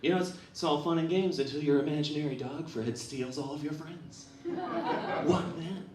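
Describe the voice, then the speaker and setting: A man's voice: on the high side, sing-song, normal speed, background noise. Young man with dry self-deprecating jokes. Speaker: open mic comedian. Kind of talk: stand-up set. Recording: echoey room, far mic, audience.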